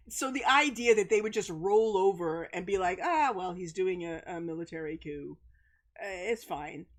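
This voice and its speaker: A middle-aged woman chatting casually on a livestream, telling a story with lots of laughter and swearing. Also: medium pitch. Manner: animated storytelling, laughs often, swears freely.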